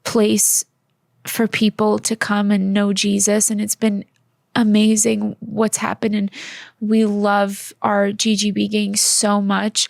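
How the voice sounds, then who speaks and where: Earnest woman with a gravelly voice. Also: medium pitch, a little mellow, no room sound, studio quality. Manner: earnest and heartfelt, with many fillers. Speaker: podcast co-host. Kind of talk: casual faith podcast chat.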